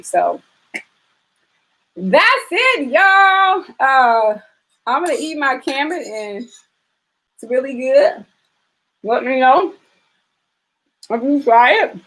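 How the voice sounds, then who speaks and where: A woman's voice: on the high side, fairly bright tone. Chatty woman hosting a casual live stream. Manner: chatty, reads and answers viewer comments, frequent fillers. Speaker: fitness trainer and live-stream host.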